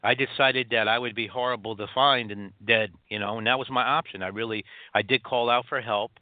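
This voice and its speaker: A man from upstate New York telling his own story as a guest, halting, with many restarts and fillers, over a phone line. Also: mid-range voice, steady tone, dry recording. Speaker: guest author.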